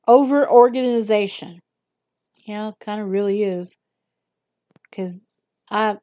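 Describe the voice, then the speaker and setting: A woman with a fairly high voice reads aloud at a slow, halting pace, tripping over words and restarting them. She breaks off now and then for quicker offhand remarks. The sound is dry and close. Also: darkish tone, dry recording. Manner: stumbles over words, stops to comment. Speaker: artist reading aloud. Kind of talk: halting read-aloud with asides.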